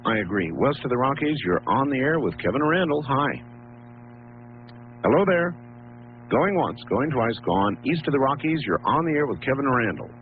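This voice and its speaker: Brisk call-in radio host, tinny. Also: male voice, medium pitch, expressive. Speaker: radio talk show host. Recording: tinny phone-line radio broadcast with mains hum.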